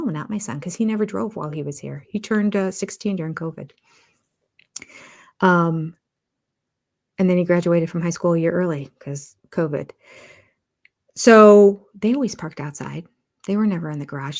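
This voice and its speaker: A woman's voice: fairly low pitch, a little mellow. A middle-aged woman hosting a live reality TV review chat, candid and chatty, breaking off mid-sentence and laughing at herself. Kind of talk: casual live-stream chat.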